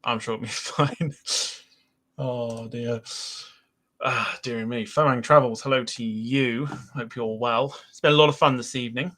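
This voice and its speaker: A British man hosts a live podcast in a relaxed, chatty way. His voice sits at an ordinary middle pitch, and he keeps breaking into giggles between remarks. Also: measured pace. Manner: laughs a lot, giggly and animated. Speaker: podcast host. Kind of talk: casual live-stream chat.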